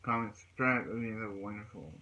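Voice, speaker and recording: A man's voice: on the low side, fast talker, bright, forceful tone, lo-fi sound. A man recapping a TV episode in a casual, rambling way, restarting his sentences often. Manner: rambling retelling with many restarts. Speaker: TV show reviewer.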